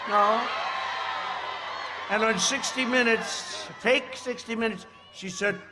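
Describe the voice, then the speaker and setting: A man's voice: high voice, fairly even intonation, takes it slowly, pauses often, a crowd in the background. An older man in his seventies giving a rally speech at a podium mic, rambling with sarcastic asides and repeated phrases. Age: 70s. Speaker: political speaker at a rally. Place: outdoor rally.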